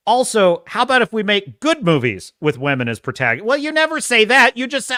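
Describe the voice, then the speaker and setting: A man's voice: sits high, huge pitch swings, fairly quick, pushed and bright, dry recording, studio quality. A man hosting a podcast, reacting to video clips with sarcastic, exasperated ranting and frequent laughter.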